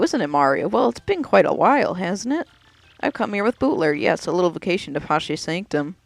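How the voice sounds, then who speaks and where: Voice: mid-range voice, vocal fry, no room sound. A let's player voicing a vain, haughty ghost lady in a video game. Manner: haughty, showy.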